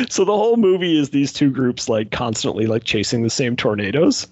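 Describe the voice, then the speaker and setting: A husky-voiced man rambles through a casual podcast chat, piling on fillers and little laughs. The sound is dry and close, with a dull, lo-fi tone to the recording. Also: mid-range voice, lively intonation, moderate pace, dry recording. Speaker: podcast co-host.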